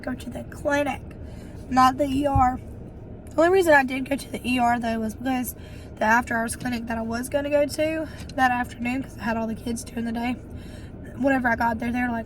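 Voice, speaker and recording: A young woman, chatting casually to camera, her voice hoarse and winded from bronchitis. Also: fairly high pitch, noisy background. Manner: chatty, storytelling, quick asides. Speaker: vlogger.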